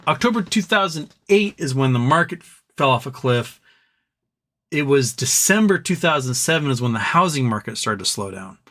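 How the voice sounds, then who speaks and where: A man's voice: mid-range voice, sing-song, normal speed, bright, forceful tone. A man in his forties hosting a casual live stream, answering viewer questions in a blunt, opinionated way, with lots of fillers and restarts. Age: 40s. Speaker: livestream host reading viewer questions.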